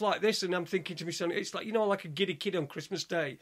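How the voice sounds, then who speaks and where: A man's voice: sits high, quick pace, hardly any pauses, a bit bright, slightly rough. A man in casual chat, telling a rambling story with many restarts and ums.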